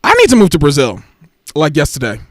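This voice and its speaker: A man's voice: fairly high pitch, wildly swooping pitch, a little fast, fairly bright tone, no room sound, studio quality. A man hosting a casual livestream, chatty and sassy, gushing and jumping from one topic to the next. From United States. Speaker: livestream host.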